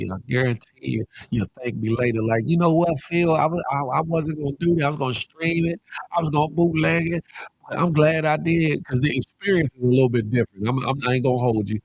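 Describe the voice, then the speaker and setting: A middle-aged man hosting a casual live morning show, animated and slangy, calling out chat names and preaching a little. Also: medium pitch, gravelly, no room sound, clean studio sound. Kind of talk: casual live-stream chat reading viewer comments.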